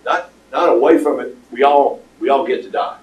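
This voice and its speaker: An older man giving a casual, rambling pitch to an audience, with lots of fillers. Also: moderate pace, a little mellow, dull audio. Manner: rambling storyteller with many fillers. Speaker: startup presenter. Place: meeting room with audience. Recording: roomy, distant room recording.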